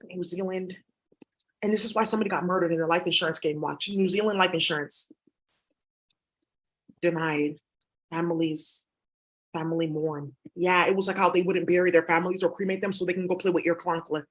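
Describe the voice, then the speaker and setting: A woman's voice: fairly low pitch, steady tone, fairly quick, long pauses. A woman vlogger talking in a rambling, blunt, profane monologue. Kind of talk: casual monologue.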